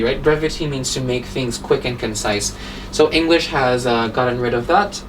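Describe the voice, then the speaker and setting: A woman teaching an English grammar lesson, explaining each point step by step and checking with "right?" after nearly every sentence. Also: fairly low pitch. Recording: voice a little distant from the mic, faint room hum.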